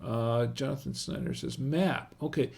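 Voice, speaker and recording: A man's voice: medium pitch, fairly even intonation, unhurried, vocal fry, a little mellow, a little hiss or hum. A man hosting a wine tasting livestream, talking casually and thinking aloud as he reads viewer comments. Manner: rambling and conversational, thinking aloud.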